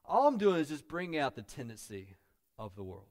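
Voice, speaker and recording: A man preaching a sermon as pastor, dropping to quiet asides and building to loud, emphatic peaks. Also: fairly high pitch, very animated, fairly quick.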